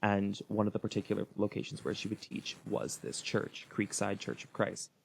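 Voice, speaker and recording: A man's voice: fairly low pitch, completely flat delivery, normal speed, vocal fry, slight background noise. A young man co-hosting a true-crime podcast, chatting casually and laughing often as he tells stories. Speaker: podcast co-host.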